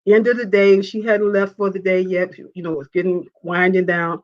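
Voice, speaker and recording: A woman hosting a live faith talk show, reading viewer comments and telling a personal story in an animated way. She laughs often and acts out the voices of the people she quotes. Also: on the low side, moderate pace. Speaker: show host. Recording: dull lo-fi sound.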